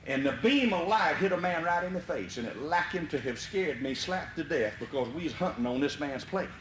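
A man spins a folksy tall tale, chuckling as he goes. His voice sits a little high and swings widely in pitch. The recording is roomy, with a faint hum behind it. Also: lively intonation, a little fast. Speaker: storyteller. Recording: roomy echo, faint background noise.

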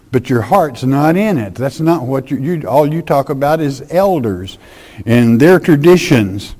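A man preaching a folksy, emphatic sermon, swinging between loud declarations and hushed asides. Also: mid-range voice.

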